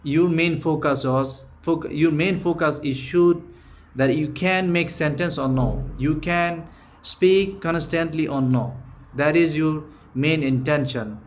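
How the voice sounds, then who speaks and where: This man, a Bengali-speaking English teacher with a Bangladeshi accent, talks slowly in a fairly high voice over slight background noise. His spoken-English lesson is informal and earnest, full of restarts and repetition.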